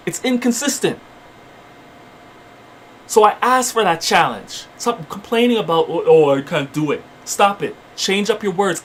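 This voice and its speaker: A man's voice: sits high, fairly bright tone, slight background noise. A man hosting his channel, delivering fiery, repetitive spiritual motivational preaching. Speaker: channel host.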